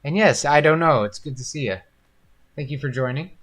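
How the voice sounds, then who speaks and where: A man's voice: on the high side, fairly quick, fairly bright tone. A man hosting a painting livestream, chatting casually and rambling, with frequent laughs. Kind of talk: casual chat while painting.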